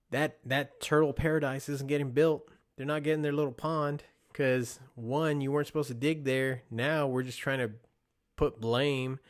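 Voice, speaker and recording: Young man, solo podcast host, casual rambling talk, mid-pitched voice. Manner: rambling, conversational, with storytelling asides.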